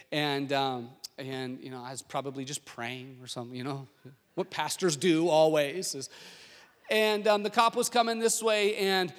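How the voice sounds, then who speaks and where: A male pastor preaching a sermon, telling stories and asking the congregation questions with rising excitement. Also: fairly high pitch. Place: church sanctuary. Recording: long hall reverb.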